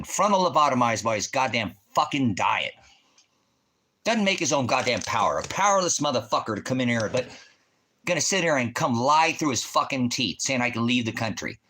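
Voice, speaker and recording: Enraged male streamer, bright, tense voice, swears nonstop, berates a chat viewer. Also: medium pitch, slightly rough. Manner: profane, confrontational, yelling accusations. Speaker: livestream host, veteran. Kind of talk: livestream rant at a chat viewer.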